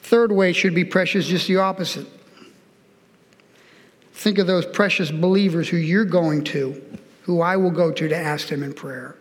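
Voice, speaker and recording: A man's voice: high voice, steady tone, moderate pace, long pauses, in a large hall. A man in his sixties preaching a sermon, earnest and personal, telling his own story and speaking directly to the congregation. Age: 60s. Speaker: pastor.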